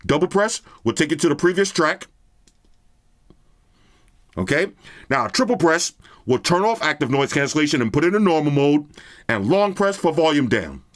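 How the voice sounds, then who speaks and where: A man with a fairly high, sing-song voice casually reviews earbuds on his tech vlog, talking straight to viewers in slang. He speaks at normal speed with long pauses, and the recording is dry with clean studio sound.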